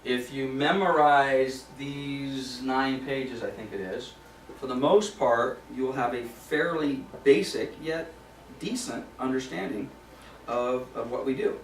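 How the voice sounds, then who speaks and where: A man's voice: mid-range voice, slow pace, a little hiss or hum. A man leading a property management training class in a conversational way, repeating key points for emphasis. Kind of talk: recorded training class for agents. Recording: echoey room from a distance.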